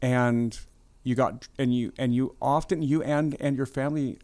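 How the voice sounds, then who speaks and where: Man, medium pitch, pastor hosting a chat, conversational, playful. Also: moderate pace. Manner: conversational, animated, playful asides. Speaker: pastor and podcast host. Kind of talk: casual interview conversation.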